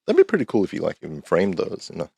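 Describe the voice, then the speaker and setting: Gravelly co-host with lively pitch. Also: male voice, rapid-fire, no room sound. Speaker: podcast co-host. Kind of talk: casual chat.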